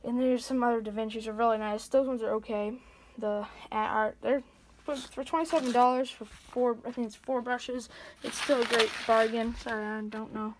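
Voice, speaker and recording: A woman's voice: fairly high pitch, steady tone, normal speed, a little hiss or hum. A woman giving a casual tour of her scale model workbench, rambling and hesitant with many fillers, recorded at home.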